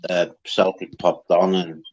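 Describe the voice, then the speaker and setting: A man hosting a casual live stream, slow-spoken and trading crude banter. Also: deep voice, flat delivery, darkish tone. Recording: dull lo-fi stream audio.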